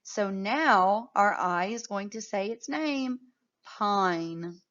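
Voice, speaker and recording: Slow, clear-spoken woman teacher. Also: medium pitch, lively intonation, fairly bright tone, highs cut off. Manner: slow, clearly sounding out words, encouraging. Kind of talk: phonics lesson for young children.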